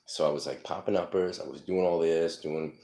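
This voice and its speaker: A man's voice: deep voice, fairly even intonation, a little fast, dark tone. A man telling his life story casually, profane and rambling, full of fillers, acting out the people in his stories.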